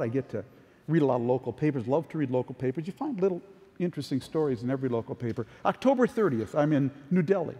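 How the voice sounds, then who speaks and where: A man's voice: a little high, mellow. An older man giving a conference keynote talk, telling anecdotes in a conversational way. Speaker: keynote speaker. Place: large conference hall. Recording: long hall reverb.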